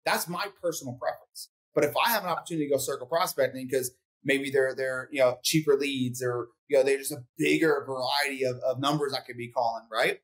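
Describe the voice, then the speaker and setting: A man's voice: mid-range voice, steady tone, a little fast, hardly any pauses, fairly bright tone. A man coaching real estate agents in casual podcast talk, blunt and profane, acting out phone calls as he goes.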